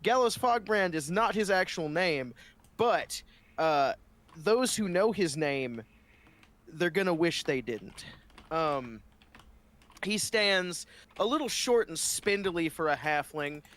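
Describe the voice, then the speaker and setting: A man's voice: a little high, lively intonation, slow, fairly bright tone. A man player describing his tabletop character in casual chat, rambling with many fillers and restarts.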